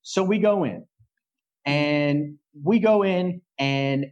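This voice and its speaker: A man on a podcast as a guest, telling a story in an animated way and swearing freely. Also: fairly high pitch, takes it slowly, lo-fi sound. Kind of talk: casual storytelling.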